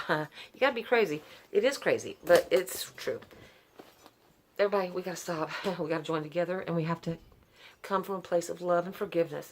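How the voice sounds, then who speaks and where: A woman's voice: lowish voice, a little hiss or hum. A middle-aged woman, telling her personal story to camera in an earnest, emotional way, with sighs, laughs and restarts. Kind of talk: unscripted personal testimony to camera.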